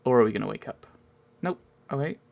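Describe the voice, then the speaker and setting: A man's voice: mid-range voice, animated, quick pace, vocal fry, a little mellow, lo-fi sound. A man giving rambling, casual commentary over a video game, with wry asides and frequent self-interruptions. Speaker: let's play gamer.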